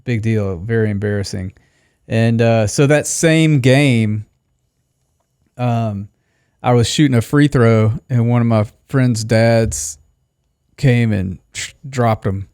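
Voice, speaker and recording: A man's voice: mid-range voice, slow pace, a little mellow, clear, resonant tone, no echo. Man host, casual storyteller, laughs a lot, dry close mic. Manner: laughs often while telling a story. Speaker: podcast host. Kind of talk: casual chat.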